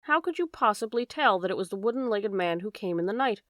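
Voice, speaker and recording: A woman voicing a shrewd, measured male detective in an audiobook. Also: mid-range voice, animated, no echo, studio quality, close to an everyday voice. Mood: calm. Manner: measured, courteous, quietly strategic. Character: cool, shrewd male detective, polite and probing.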